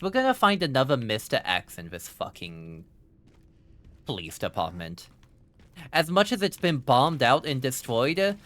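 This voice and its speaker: A man with a faded German accent giving excitable, profane live gameplay commentary as a streamer, quick to laugh. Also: mid-range voice, no room sound.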